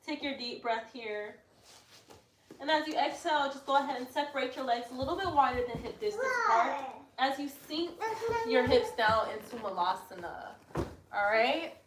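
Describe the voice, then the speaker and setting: A woman leading a casual guided yoga class at home, giving relaxed cues with joking asides. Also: sits high, normal speed. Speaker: yoga instructor. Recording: echoey room, mic far off, faint noise.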